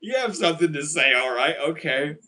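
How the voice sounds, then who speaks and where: A man with a fairly high voice giving a loose, casual tarot reading straight to his viewers. He rants freely and swears often as he talks. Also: animated, brisk, noisy background. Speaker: tarot reader.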